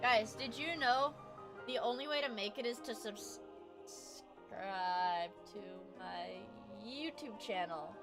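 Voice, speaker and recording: A young woman streaming, chatting casually as she reacts to videos, swearing freely and breaking into loud shrieks. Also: fairly high pitch, slow, music in the background.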